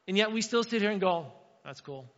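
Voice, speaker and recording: Male pastor, high bright voice, chatty sermon, long hall reverb, slightly dull sound. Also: fast talker. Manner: conversational, asks the room "right?" often, acts out little dialogues. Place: church hall.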